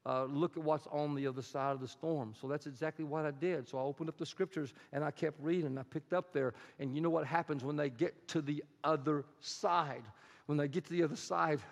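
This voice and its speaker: A male pastor preaching a sermon in a church, telling a story with animated, rising emphasis. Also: on the high side, vocal fry. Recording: long hall reverb.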